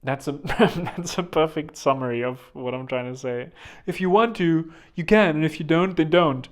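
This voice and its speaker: Man, fairly high voice, casual podcast monologue, rambling, chatty, jokey asides. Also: moderate pace. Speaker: podcast host.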